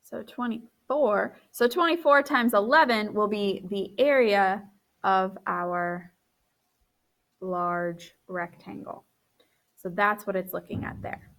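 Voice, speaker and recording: Sleepy lady math teacher talking thru a lesson, counts out loud, catches her own mistakes. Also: medium pitch, slow. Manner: talks while drawing, counts aloud, corrects own slips. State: tired, yawning. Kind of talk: recorded math lesson walkthrough.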